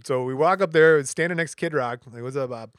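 A man's voice: a little high, brisk, no room sound, studio quality. A man co-hosting a podcast, telling a long anecdote in casual chat and acting out the voices of the people in it. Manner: animated anecdote teller, acts out quotes. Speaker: podcast co-host.

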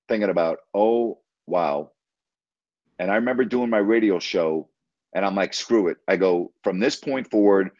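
Middle-aged male radio host, blunt and emphatic storyteller, low-ish voice, dull dry recording. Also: darkish tone, no echo. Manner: blunt, emphatic, salty language. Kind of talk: storytelling in an interview.

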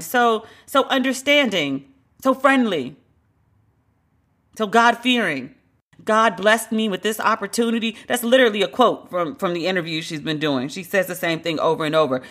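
A woman hosting a podcast, giving blunt, profane opinion commentary in an animated, candid way. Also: mid-range voice. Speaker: podcast host.

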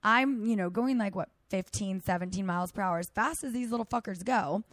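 Animated woman telling a story. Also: mid-range voice, a little fast, dry recording. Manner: animated storytelling, acts out quotes. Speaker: podcast host. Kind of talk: casual chat.

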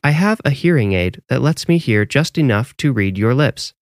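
A man voicing a deaf adult woman who speaks through a robotic talking device in a flat, halting, machine-like way. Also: medium pitch, dry recording, studio quality, close to an everyday voice.

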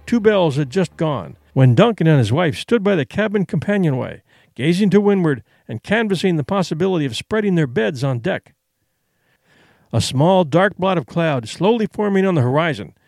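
A man narrating a classic adventure story in a measured, expressive storytelling manner. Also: on the high side, no room sound, studio quality. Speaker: audiobook narrator.

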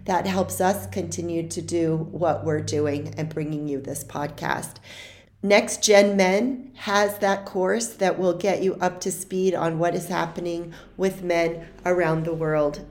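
A woman's voice: lowish voice, a little mellow. A woman co-hosting a parenting podcast, closing the interview and reading sponsor messages. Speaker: podcast co-host.

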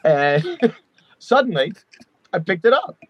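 A man's voice: high-pitched, wildly swooping pitch, takes it slowly, slightly rough, dry recording. Rambling man on a dull video call. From Long Island, New York. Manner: rambling, lots of fillers and likes. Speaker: guest musician. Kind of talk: casual interview chat. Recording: dull lo-fi remote audio.

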